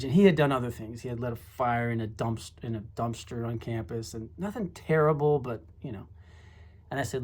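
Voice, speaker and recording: Middle-aged ex-teacher, casual storytelling, reflective, rambling with asides, mid-pitched voice. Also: moderate pace, darkish tone. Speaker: former high school teacher.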